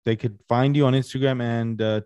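A man's voice: medium pitch, fairly even intonation, a little fast, darkish tone, clear, resonant tone, no room sound, dull audio. Joking man hosting, dry sound. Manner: loose, swears and jokes. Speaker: podcast host. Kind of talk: casual chat.

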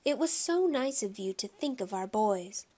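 A woman's voice: medium pitch, expressive, moderate pace, a little mellow, slightly rough. A woman voicing a polite mother who speaks in a soothing, coaxing way.

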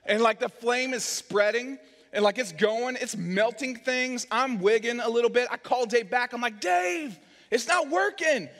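A man's voice: very high-pitched, steady tone, moderate pace, a bit bright. A man preaching as a pastor, telling a self-mocking story and acting out the voices in it. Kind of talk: sermon story. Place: large church hall. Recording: long hall reverb.

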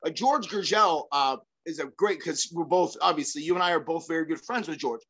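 A middle-aged man, a former fighter, talking as an interview guest in an energetic, rambling way, with many restarts, fillers and casual swearing. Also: fairly high pitch, a little fast, husky. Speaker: guest, former fighter and self-defense trainer.

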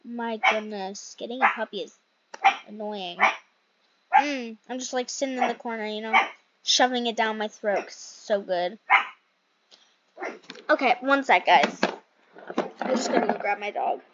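A woman's voice: a little high, unhurried, pauses often, very noisy. A young woman casually commentating a role-play game in a chatty, rambling way, often correcting herself. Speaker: gaming channel host. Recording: dull lo-fi mic.

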